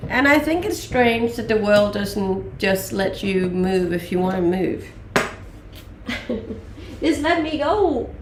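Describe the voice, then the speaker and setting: A woman's voice: medium pitch, takes it slowly, echoey room, background noise. A woman in her late twenties from Denmark, with a mixed Danish and English accent, chatting casually on a live stream with many ums and laughs. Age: late 20s. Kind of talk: casual chat reading live chat.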